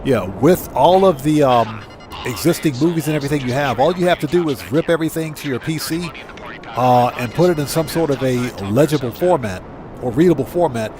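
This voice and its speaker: A man's voice: medium pitch, brisk, over music. A middle-aged man hosting a gaming livestream, chatting casually, rambling and correcting himself as he reads chat aloud. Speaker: livestream host.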